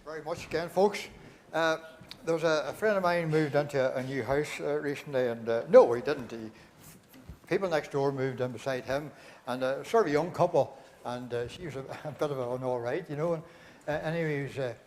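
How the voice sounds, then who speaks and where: A man's voice: fairly high pitch, brisk, darkish tone, a little hiss or hum. A man with a Northern Irish accent telling rambling comic stories at a live church concert, laughing at his own jokes. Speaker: comedian at a concert.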